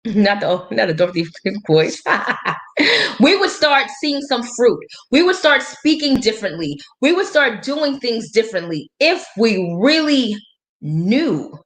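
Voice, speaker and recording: Woman, motivational coach, slightly high voice, emphatic and preachy, quotes scripture, laughs between points. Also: big pitch swings, measured pace. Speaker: life and business coach. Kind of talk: motivational live-stream talk.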